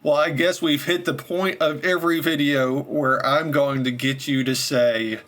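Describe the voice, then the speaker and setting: A man's voice: on the high side, fairly even intonation, unhurried, a bit bright. A man hosting a casual video chat, teasing his guest in a good-humored way. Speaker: host.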